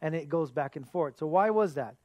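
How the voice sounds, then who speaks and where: A man's voice: on the high side, lively intonation, brisk, dark tone, no echo. A man giving a sermon as a pastor, earnest, asking his listeners rhetorical questions.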